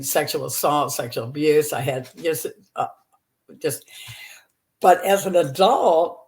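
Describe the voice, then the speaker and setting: A woman in her seventies from Texas, a comedian talking openly about her life as a podcast guest, laughing often and using many fillers. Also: deep voice. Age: 70s. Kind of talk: candid personal storytelling.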